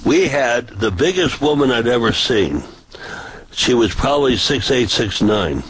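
Speaking unhurriedly but with animation, an older street preacher rambles through folksy stories, repeatedly restarting. His mid-range voice is a bit bright with a breathy edge, and the audio quality is poor.

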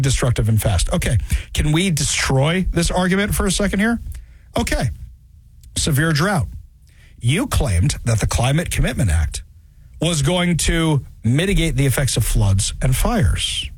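A man hosting a talk radio show, sarcastic and animated, repeating phrases for emphasis into a studio mic. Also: on the high side, breathy edge, dry recording, poor audio.

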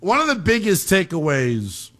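A young man hosting a call-in sports radio show, ranting in a slangy, animated way. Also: high-pitched, moderate pace. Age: young adult.

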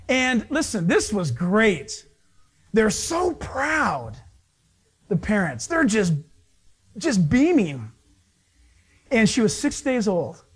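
High-voiced male pastor telling stories. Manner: storytelling, acts out other people's voices. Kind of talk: sermon.

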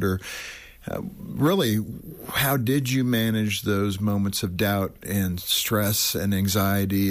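A man hosting an interview, asking relaxed, probing questions of his guests. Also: on the low side. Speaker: interview host. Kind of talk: radio-style interview.

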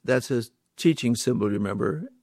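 A man's voice: mid-range voice, lively intonation, normal speed, a little mellow, no echo. Emphatic male preacher, dry sound. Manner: emphatic, rhetorical questions, repeats words for stress. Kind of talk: sermon.

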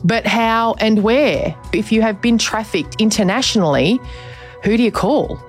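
A woman's voice: a little high, a little slow, faint music behind. A woman interviewer asking probing, conversational questions, thinking aloud as she goes.

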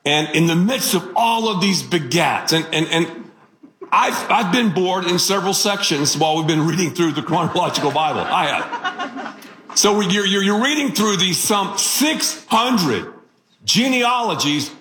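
Pastor guy preaching, jokey storyteller, lively voice, kinda echoey room. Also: sits high, unhurried. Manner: animated, joking storyteller. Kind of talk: sermon.

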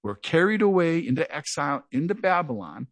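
A man's voice: on the high side, a little fast, dry recording. A middle-aged man preaching an earnest verse-by-verse Bible teaching, who mentions that he stutters and sometimes repeats words. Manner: earnest, lively preaching with a self-described stutter. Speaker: pastor.

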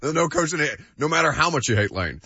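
Husky-voiced man debating sports. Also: fairly high pitch, very animated, a little fast, sharp tone, no room sound, lo-fi sound. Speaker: sports talk show co-host.

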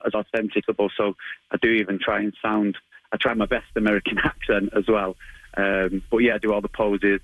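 A man's voice: on the low side, fairly bright tone, no echo, rough recording. Chatty Mancunian man, laughing easily. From England. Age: 30s. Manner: chatty, laughing, lots of ums and restarts. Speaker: martial arts school owner, guest. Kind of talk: casual interview.

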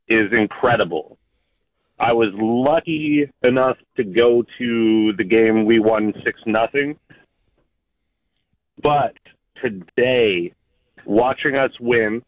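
A Canadian man calling in to a sports radio show, speaking earnestly in halting phrases. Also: medium pitch, dry recording. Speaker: caller. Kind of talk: phone-in caller. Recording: dull lo-fi phone line.

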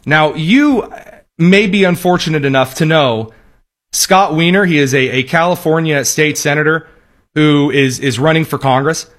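Man, political commentary, sarcastic rant, somewhat high voice. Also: moderate pace, fairly bright tone. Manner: sarcastic, ranting, with frequent restarts.

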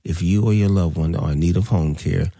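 A man's voice: fairly quick, gravelly, mellow, no room sound, clean studio sound. A man hosting a community talk radio show, speaking bluntly and preachily. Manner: blunt, preachy, rises high when worked up.

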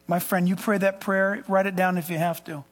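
Emphatic high-voiced preacher in reverberant hall. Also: male voice, flat delivery, a little fast. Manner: emphatic preaching, swinging between loud and hushed. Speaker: pastor. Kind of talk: sermon.

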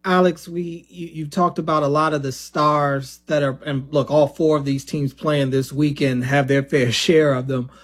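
A man hosts a casual sports podcast and asks long questions, with many fillers and restarts. His voice sits a bit high, recorded dry and close. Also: steady tone, no room sound. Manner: halting, stacks up fillers and restarts while asking. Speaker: podcast host.

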